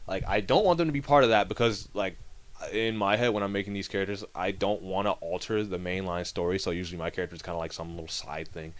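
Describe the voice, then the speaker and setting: A young man co-hosting a podcast, chatting casually and rambling with lots of fillers and animated asides. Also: low voice, fast. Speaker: podcast co-host. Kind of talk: casual chat.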